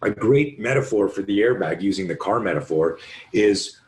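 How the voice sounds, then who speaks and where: A man with a raw, hoarse voice, speaking as a podcast guest and self-defense instructor, telling a vivid, profane story and acting out the voices he quotes. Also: fairly low pitch, expressive, moderate pace, darkish tone, roomy sound. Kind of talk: animated storytelling in conversation.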